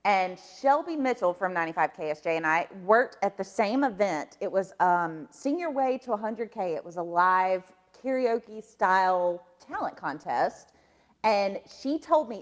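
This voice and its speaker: Friendly woman radio broadcaster from Alabama. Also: on the low side. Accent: neutral broadcast diction with a light Southern trace. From Satsuma, Alabama, US. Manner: friendly, storytelling, laughs easily. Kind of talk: interview conversation.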